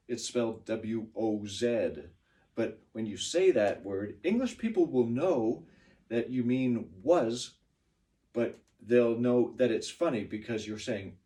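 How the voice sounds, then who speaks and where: Man as a classroom language teacher: unhurried, encouraging, set back from the mic. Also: medium pitch, warm tone, distant mic. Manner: slow, deliberate, encouraging teacher talk. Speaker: English teacher. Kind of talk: classroom pronunciation lesson.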